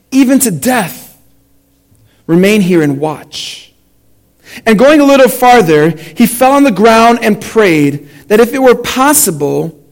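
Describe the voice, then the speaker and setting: Male pastor, high-pitched, sermon delivery in a church; slow scripture reading with hushed drops. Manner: reads slowly, dropping to a hushed, low delivery at key lines; invites the congregation to read aloud with him. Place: church sanctuary.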